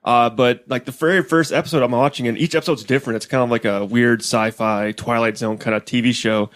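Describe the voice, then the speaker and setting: A man's voice: mid-range voice, steady tone, fairly quick, fairly bright tone, no echo, studio quality. A man co-hosting a casual podcast, telling a story in a rambling way with stumbles and fillers.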